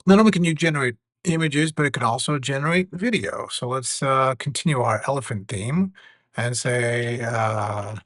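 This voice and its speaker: A man teaching a lesson about AI tools with a live demo, measured and earnest. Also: medium pitch, a bit bright, no echo. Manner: measured, earnest, some fillers.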